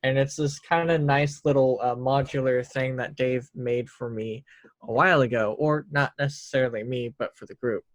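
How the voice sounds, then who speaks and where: Dry-voiced dungeon master. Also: male voice, mid-range voice, fairly even intonation, moderate pace, no room sound. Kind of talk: casual game table chat.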